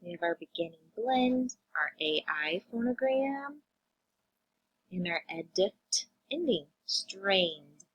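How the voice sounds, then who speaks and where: A woman teacher reviewing vocabulary and phonics with young children, sounding words out slowly and asking them questions. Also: mid-range voice, lively intonation, breathy edge, dull audio. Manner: slow, drawn-out phonics sounding-out, addressing kids.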